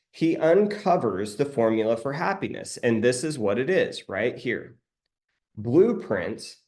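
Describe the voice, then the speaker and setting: Man giving an emphatic motivational talk. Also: medium pitch. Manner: emphatic, repeats key phrases slowly. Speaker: life coach.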